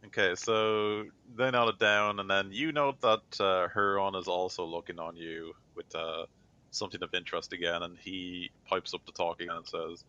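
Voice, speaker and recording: A man's voice: low-pitched, flat delivery, moderate pace, bright, forceful tone. A man narrating a tabletop game as game master, rambling and full of fillers, on a dull lo-fi recording.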